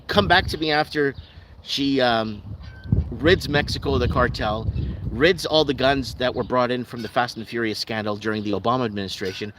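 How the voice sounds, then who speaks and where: A man talks loosely into his livestream, ranting with a skeptical edge and stumbling through restarts as he reads viewer comments aloud. His voice sits at a middle pitch. A steady wash of background noise runs under him, with vehicles passing now and then. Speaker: livestream host. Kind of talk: rambling live stream chat, reading viewer comments. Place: at home in Calgary.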